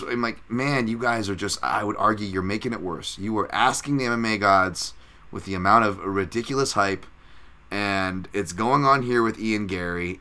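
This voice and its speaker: A man's voice: medium pitch, sharp tone. A man hosting a solo podcast who breaks down fights in a casual, profane and rambling way. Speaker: podcast host.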